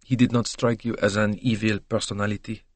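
A man voicing a shrewd, probing older male detective who questions slowly and deliberately. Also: fairly low pitch, flat delivery, dry recording, lightly acted. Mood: needling.

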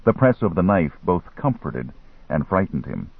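A man narrates a novel in a measured, dramatic way, his low voice husky and ranging widely in pitch. The sound is dry and thin, as if heard over a phone line. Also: big pitch swings, dry recording. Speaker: audiobook narrator.

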